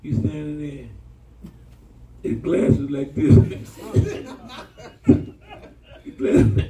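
Animated preacher man, high and echoey. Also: takes it slowly, a little hiss or hum. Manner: animated, colloquial, calls out to the congregation. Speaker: pastor. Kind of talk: sermon storytelling. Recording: echoey room from far off.

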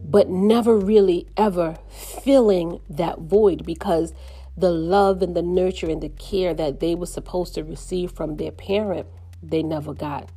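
A middle-aged woman talks earnestly and reflectively about her own story, slowing down on the painful parts. Her voice sits a little low and sounds mellow and warm. Soft music plays faintly beneath her. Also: steady tone. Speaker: mother sharing her story. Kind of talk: personal reflective monologue.

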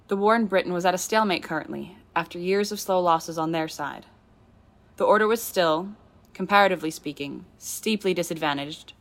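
Woman narrating a story in a low voice. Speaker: audiobook reader. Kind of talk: scripted narration of a fan novel.

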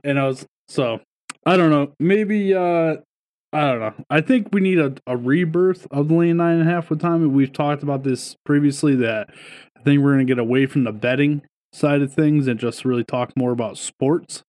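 A man's voice: a little high, moderate pace, darkish tone. A young man co-hosting a sports podcast from home, talking bluntly and swearing as he tells stories. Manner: blunt, profane, storytelling. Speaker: podcast co-host. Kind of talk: casual chat. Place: home, streaming over Wi-Fi.

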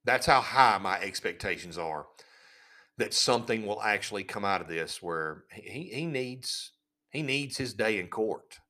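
A podcast host rants with indignant sarcasm. His pitch swings widely up and down, and he stumbles over repeated words while he keeps building his point. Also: lively intonation, measured pace, sharp tone. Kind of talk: casual ranting commentary.

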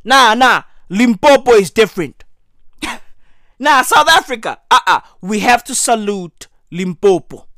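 A man delivering a profane comedic rant to camera, slangy and repetitive, with sudden loud outbursts. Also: high-pitched, animated, a little slow, dry recording, studio quality. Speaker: comedic ranter.

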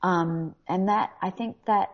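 Gravelly Australian woman, lo-fi audio. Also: lowish voice. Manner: candid, animated, quick to laugh. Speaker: voice actor guest. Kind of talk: casual interview talk. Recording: dull lo-fi audio.

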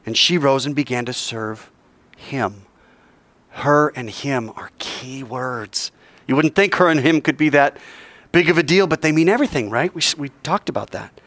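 Slightly high-voiced man teaching Bible. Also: lively intonation, brisk, no room sound. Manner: conversational, rhetorical questions, drops to hushed tones.

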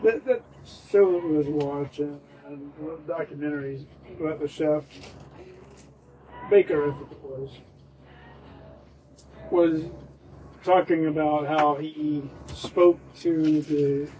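A man's voice: a little high, steady tone, slow pace, pauses often, warm tone. Rambling man chatting in a kitchen. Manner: rambling, playful. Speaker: podcast co-host. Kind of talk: casual kitchen chat. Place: home kitchen. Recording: distant mic, faint room noise.

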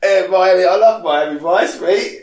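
A man's voice: high-pitched, normal speed, voice pushed up, lightly acted. A man doing a chummy impression of a cheeky English actor, calling everyone mate and boys, in a roomy-sounding recording. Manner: matey, chirpy, keeps calling listeners "boys" and "mate". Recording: roomy echo.

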